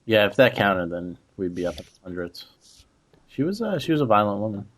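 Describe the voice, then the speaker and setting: Low-voiced man chatting on a podcast. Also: sing-song, a little fast, fairly bright tone. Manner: easygoing, chiming in with dry jokes and anecdotes. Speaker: podcast co-host. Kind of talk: casual chat.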